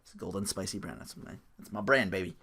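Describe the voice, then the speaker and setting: A man's voice: low-pitched, fast, pushed and bright, husky. A young man hosting a casual solo podcast, rambling, swearing freely and often breaking into laughter. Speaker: podcast host.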